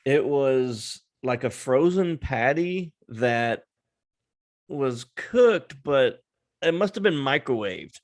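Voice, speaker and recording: A man's voice: mid-range voice, animated, slow. A man in his thirties co-hosting a casual podcast, laid-back, laughing often and swearing freely. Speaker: podcast co-host. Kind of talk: casual banter.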